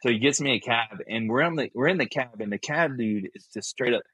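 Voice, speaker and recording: A man telling a story casually as a podcast guest, animated and acting out the people he quotes. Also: mid-range voice, brisk, slightly rough, no echo, poor audio.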